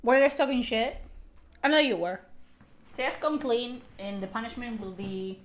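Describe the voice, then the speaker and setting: A woman's voice: a little high, moderate pace, a little hiss or hum. A woman live streaming and chatting casually with her viewers, teasing them and swearing freely in a mock-offended way.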